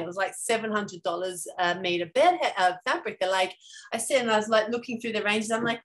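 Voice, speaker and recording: A woman's voice: medium pitch, fairly quick, fairly bright tone. A woman with an Australian accent, an interior design educator, chatting through a webinar in a rambling way with many fillers. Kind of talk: webinar presentation.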